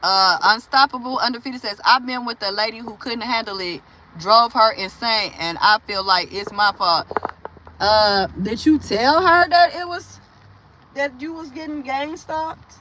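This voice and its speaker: A woman's voice: a little high, a little slow, bright, forceful tone, slight background noise. A woman from Milwaukee hosting a casual livestream, rambling through stories and viewer comments, laughing often and acting out the voices she quotes. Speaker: livestream host.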